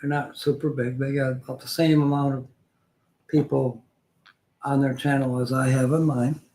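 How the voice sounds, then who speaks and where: A man's voice: medium pitch, level tone, moderate pace, dark tone, rough recording. An older man hosting a casual live stream, reading viewer comments aloud and joking with a frequent chuckle.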